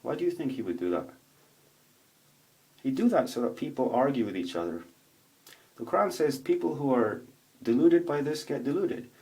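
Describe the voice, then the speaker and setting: A man in a casual, rambling video monologue, swearing a lot as he tells stories in an animated way. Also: medium pitch, moderate pace, pauses often. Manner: profane, rambling, animated storytelling. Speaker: vlogger. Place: home room with a roommate nearby.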